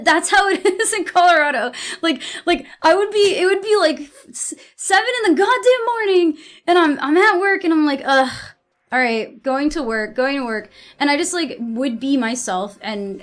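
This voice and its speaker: A woman's voice: high-pitched, fairly bright tone. A young woman from the US East Coast chatting casually to her stream viewers, blunt and profane, rambling and restarting her sentences. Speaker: livestreamer.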